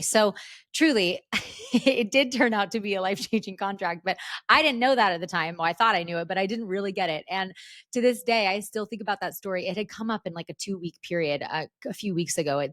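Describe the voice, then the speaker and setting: A woman in her thirties hosting a podcast, telling a personal story in a casual, animated way with lots of restarts. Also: medium pitch, dry recording, studio quality. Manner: animated, breathless retelling with many restarts. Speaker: podcast host.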